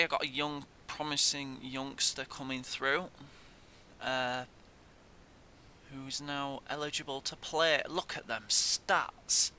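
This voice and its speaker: A young man giving casual gameplay commentary, swearing in frustration at the game. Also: sharp tone. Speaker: gaming YouTuber. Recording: faint noise and low rumble.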